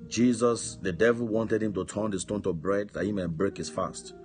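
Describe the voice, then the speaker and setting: A male pastor delivers a fervent sermon in a low voice, dropping amen and hallelujah between points. Faint music plays beneath him. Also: fairly even intonation, normal speed, a little mellow.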